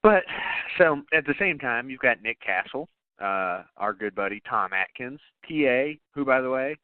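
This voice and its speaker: A man co-hosting a podcast in a casual movie-review chat, animated and swearing, acting out quotes in bursts. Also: mid-range voice, normal speed, clean tone, no echo, phone-quality sound. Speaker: podcast co-host.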